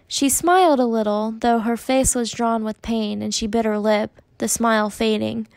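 A woman reading a children's novel aloud as narrator, in a measured, even storytelling manner. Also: fairly high pitch, creaky, dry recording. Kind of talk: audiobook narration.

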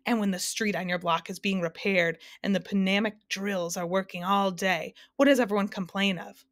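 A woman's voice: mid-range voice, fairly even intonation, normal speed, no room sound, studio quality, natural voice. A woman reading a storybook aloud, voicing a fussy male doctor who explains and persuades. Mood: persuasive. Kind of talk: storybook narration.

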